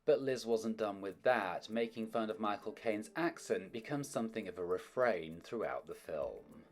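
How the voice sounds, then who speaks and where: A man's voice: fairly low pitch, animated, normal speed. A man hosting a film history video, reading a script with wry, opinionated asides. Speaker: host of a film history channel.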